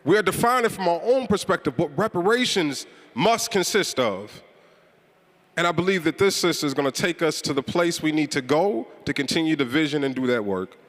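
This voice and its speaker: A man's voice: on the high side, expressive, fairly quick, fairly bright tone. A man from Chicago with a Chicago accent, hosting a live event and rallying the crowd with call-and-response. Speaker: event host. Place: large event hall. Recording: reverberant hall.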